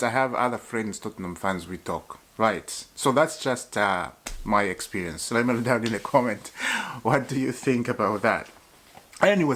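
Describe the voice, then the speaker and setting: A man's voice: mid-range voice, fairly bright tone. A man hosting a football fan channel, talking casually and laughing often, with frequent restarts and repeated words. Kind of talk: casual vlog commentary.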